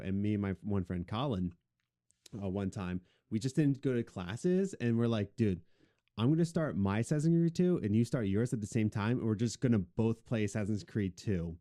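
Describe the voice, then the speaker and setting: Young man, podcast co-host, mellow dark tone, rambling jokey chat. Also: lowish voice. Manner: jokey, rambling, self-mocking. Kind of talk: casual chat.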